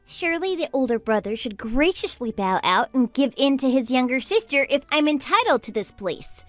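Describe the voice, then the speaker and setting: A woman voicing an entitled, demanding young sister-in-law who yells and bosses people around. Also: sing-song, normal speed, no echo, faint music behind. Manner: demanding, shrill, yelling. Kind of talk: texting-story voice acting.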